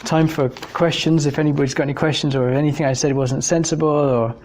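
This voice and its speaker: A man's voice: fairly high pitch, steady tone, fast, darkish tone, a little hiss or hum. A man from England giving an informal talk, telling personal stories in a thoughtful conversational way with frequent fillers. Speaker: speaker giving a talk on evidence for God.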